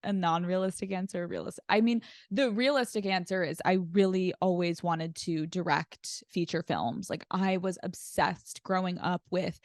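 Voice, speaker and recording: A woman guest in casual podcast chat, telling animated stories and acting out quoted lines in different voices. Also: on the low side, moderate pace, hardly any pauses, no echo, clean studio sound.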